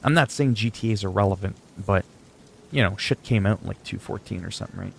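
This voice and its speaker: Gravelly-voiced man chatting on a livestream. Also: fairly low pitch, quick pace, a little hiss or hum. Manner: joking, rambling, reads chat aloud. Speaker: gaming livestreamer. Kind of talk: casual livestream chat.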